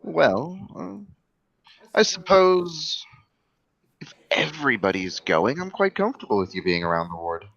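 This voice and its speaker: A man voicing Aiden, a formal, distrustful elder who speaks in measured, careful sentences. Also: medium pitch, very animated, gravelly, fairly bright tone, pitched above the performer's own voice, heavily acted. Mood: guarded. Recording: dull lo-fi recording.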